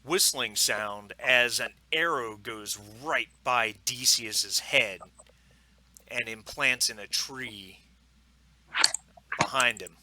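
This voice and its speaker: A man running a tabletop game as game master, explaining rules and narrating scenes in a relaxed way with many fillers. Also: mid-range voice, takes it slowly, slight background noise.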